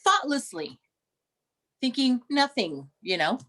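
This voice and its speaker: A middle-aged woman co-hosting a casual chat, telling stories with restarts and animated quoted voices. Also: sits high, slow pace. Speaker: podcast co-host.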